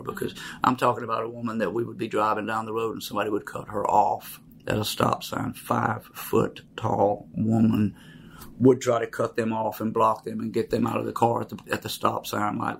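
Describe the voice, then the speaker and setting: A man, telling his life story in a halting, reflective way with many fillers. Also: lowish voice, little pitch movement, gravelly, slight background noise. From Mississippi, USA.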